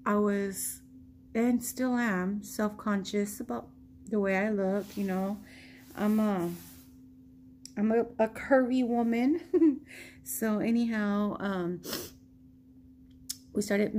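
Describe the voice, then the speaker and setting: Vlogger woman, stuffy nose, mellow tone, slow rambling delivery, faint hum behind. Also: mid-range voice. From United States. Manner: slow, rambling, laughs often. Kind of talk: casual storytelling.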